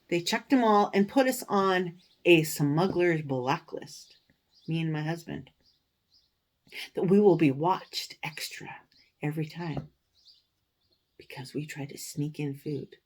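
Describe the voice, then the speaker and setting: A woman hosting a stitching vlog, telling a story in a casual, animated way with indignant, sarcastic asides. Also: sits low, takes it slowly, long pauses. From United States. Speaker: cross-stitch vlogger, show host.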